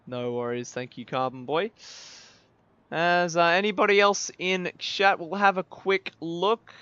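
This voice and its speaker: Excitable race commentator. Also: male voice, high-pitched, measured pace, smooth, no room sound. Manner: excitable play-by-play, rising to shouts at big moments. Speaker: sim racing commentator. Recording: slightly dull lo-fi mic with faint noise.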